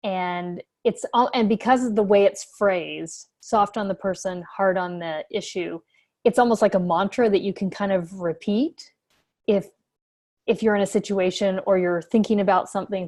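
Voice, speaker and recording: A woman's voice: medium pitch, normal speed, darkish tone. A woman hosting a webinar, chatting casually and enthusiastically. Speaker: webinar host.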